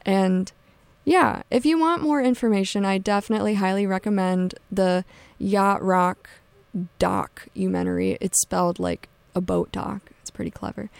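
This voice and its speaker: Young woman, radio DJ, casual rambling chat, vocal fry, dry close sound. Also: mid-range voice, darkish tone, no echo. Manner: chatty, loose, many fillers and "like"s. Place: radio studio.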